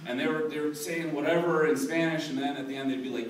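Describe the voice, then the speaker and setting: A man's voice: on the high side, steady tone, quick pace, slight background noise. A man doing a stand-up comedy set, rambling and self-deprecating, with many fillers and restarts. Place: comedy club stage. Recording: echoey club room, from far off, with audience laughter. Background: crowd laughing.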